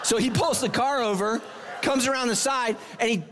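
Animated, high-voiced male pastor preaching. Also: moderate pace, big-room sound, noisy background. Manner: animated, self-mocking storyteller. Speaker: senior pastor. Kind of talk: humorous sermon storytelling.

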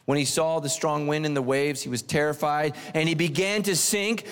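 A middle-aged man delivers a sermon with animated storytelling, swinging his pitch wide as he acts out characters. His voice sits a touch high for a man. The sound carries the long reverb of a large hall. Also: brisk, hardly any pauses, smooth. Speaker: pastor.

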